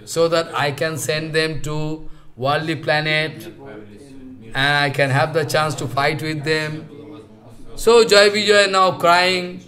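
A man with a high speaking voice leads a scripture class, retelling a sacred story. He talks in a halting, repetitive way with non-native English phrasing, often restarting his sentences. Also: pushed and bright. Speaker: scripture lecturer.

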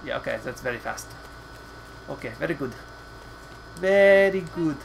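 Playful, cussing let's play host. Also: male voice, medium pitch, fairly even intonation, vocal fry, fairly bright tone, slight background noise, rough recording. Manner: playful, swears freely, laughs often, rants; reads game text aloud slowly and dramatically. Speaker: gaming channel host.

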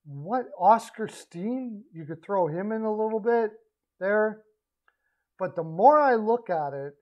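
A man with a slightly high voice talks hockey trades in a loose, rambling solo commentary. He stumbles over names, corrects himself and keeps tossing in animated asides to his viewers. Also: low-quality recording. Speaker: hockey podcaster.

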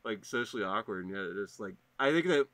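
Bright-sounding guy on a podcast, stumbly and unsure, says "like" a ton. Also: on the low side, expressive, a little fast, dry recording. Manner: hesitant, stumbling with many "like" fillers. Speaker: podcast co-host. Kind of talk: casual movie discussion.

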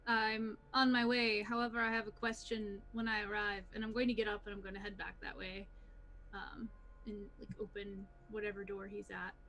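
A woman's voice: medium pitch, level tone, normal speed, fairly bright tone, a little hiss or hum, poor audio. A woman as a player in a tabletop game, speaking in a polite, tentative way. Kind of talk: casual chat in a tabletop game.

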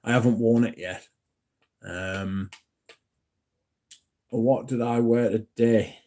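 A man hosting a casual livestream, reading and answering chat in a relaxed, yawning way. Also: medium pitch, slow. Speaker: livestream host.

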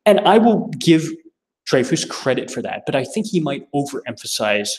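Young American male lecturer, relaxed and unscripted, talks through ideas with fillers and restarts. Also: on the high side, moderate pace, low-quality recording. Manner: thinking aloud with many restarts. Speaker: philosophy lecturer. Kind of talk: informal lecture to camera.

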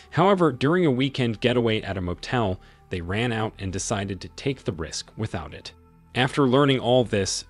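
A man narrating a scripted first-person story in a measured, expressive reading. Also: on the low side, husky.

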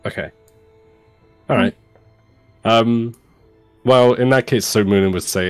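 Low-voiced hesitant man playing a tabletop game. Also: fairly even intonation, measured pace, long pauses, clean tone, dry recording, soft background music. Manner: hesitant, lots of ums and restarts. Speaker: player. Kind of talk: tabletop game play over a voice call.

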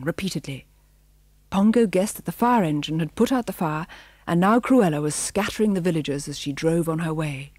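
A woman narrating a children's storybook audiobook with a measured, expressive reading. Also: on the low side, dry recording.

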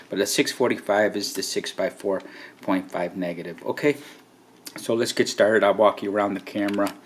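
A man giving a relaxed, conversational hands-on walkthrough of a camera, often checking in with "right?" and "okay". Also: sits low, a little hiss or hum. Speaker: camera reviewer.

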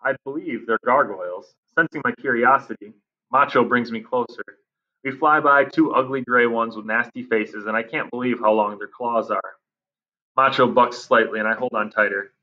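Man narrating a storybook, lively and expressive. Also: medium pitch, normal speed, muffled recording. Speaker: audiobook narrator. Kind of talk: first-person audiobook narration.

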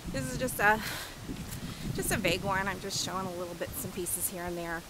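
A woman's voice: fairly low pitch, brisk. A chatty woman from Wisconsin, out of breath as she walks and records a casual vlog on an outdoor trail with a handheld camera, gushing about the scenery. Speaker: vlogger. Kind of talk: casual walk-and-talk vlog. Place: outdoors on a windy rural trail. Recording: wind noise on the mic.

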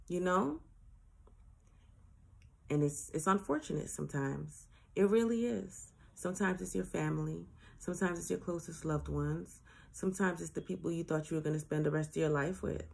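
A woman's voice: low voice, creaky, husky. A woman in her late thirties, a spiritual advisor hosting her own show, talking casually and earnestly to her viewers, mixing jokes with serious advice. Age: late 30s. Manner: chatty and informal, mixes jokes with earnest advice. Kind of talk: casual spiritual talk to camera.

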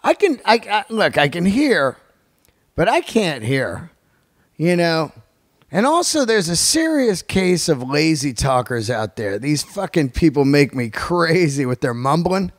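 A man's voice: a little high, measured pace, dry recording, studio quality. A man, hosting a podcast in a loose, profane, rambling monologue. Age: 50s. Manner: profane, rambling, animated storytelling. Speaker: podcast host. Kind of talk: casual monologue.

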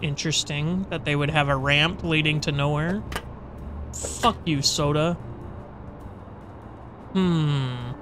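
A gamer giving casual running commentary over gameplay, chatty and swearing freely, with loud frustrated outbursts. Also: medium pitch, slow, long pauses, music in the background. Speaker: let's play gamer.

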